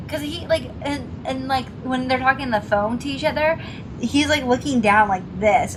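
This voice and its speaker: A woman co-hosting a casual chat about a drama episode, retelling scenes with lively acted-out quotes. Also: high voice, brisk, noisy background. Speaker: co-host discussing a drama episode.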